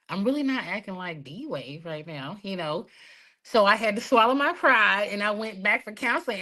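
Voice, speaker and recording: A woman in her thirties, a Marine veteran, telling her personal story in a lively, expressive way with frequent laughs. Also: mid-range voice, rough recording. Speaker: podcast guest, Marine veteran. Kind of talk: casual storytelling.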